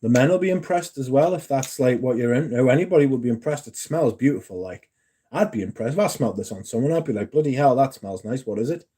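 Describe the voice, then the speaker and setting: A man hosts a casual livestream. His voice is mellow and dark, and he rambles along in a chatty, loose way, swearing freely. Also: medium pitch, expressive, fast talker, husky. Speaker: livestream host. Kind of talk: casual chat.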